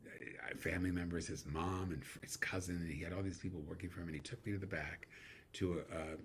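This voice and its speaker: A middle-aged man, a guest actor, telling animated stories in a casual interview, laughing now and then. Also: deep voice, quick pace, slight background noise.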